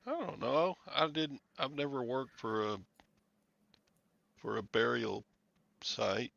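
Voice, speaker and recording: A man's voice: medium pitch, expressive, slow pace, creaky, a bit bright, no echo, lo-fi sound. A man hosting a casual live chat, blunt and dry-humored. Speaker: host of a livestream.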